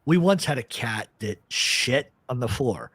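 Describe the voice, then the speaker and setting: A man's voice: medium pitch, expressive, unhurried, a bit bright, breathy edge, dry recording. Male host, casual storyteller, profane and rambling, dry close sound. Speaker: podcast host.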